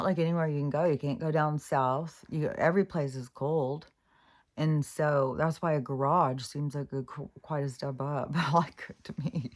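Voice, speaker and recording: A woman talking through her thoughts in a casual spoken reflection, halting and rambling, with frequent restarts and swearing. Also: low-pitched. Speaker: vlogger.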